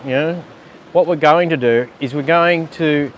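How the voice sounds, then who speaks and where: A man guiding a yoga breathing practice outdoors on rocks by the sea, giving slow, soothing cues with pauses. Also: on the high side, a little hiss or hum. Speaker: yoga teacher. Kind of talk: guided yoga and breathing instruction.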